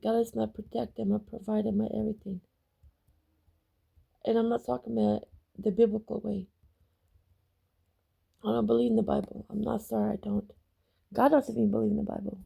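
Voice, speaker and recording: Husky, gravelly woman ranting. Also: medium pitch, flat delivery, fairly quick, long pauses, dark tone, highs cut off. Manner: heated, repetitive and emphatic, swearing. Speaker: vlogger reacting to videos. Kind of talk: emotional personal vlog rant.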